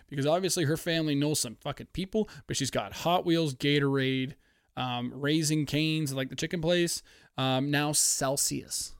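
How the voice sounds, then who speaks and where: A man from Canada hosting a podcast, chatting casually in a profane, excitable, rambling way on a headphone-wearing podcast setup. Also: on the high side, clean tone, no room sound, studio quality. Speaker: podcast host. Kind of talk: casual chat. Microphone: headphones, podcast mic.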